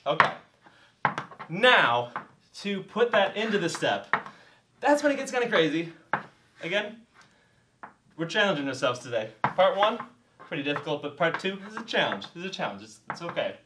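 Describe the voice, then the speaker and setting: A man's voice: a little high, big pitch swings, moderate pace, long pauses, distant mic, background noise. A man teaching a dance step while demonstrating it, out of breath, encouraging and laughing often as he counts the beats. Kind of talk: casual tutorial while demonstrating steps.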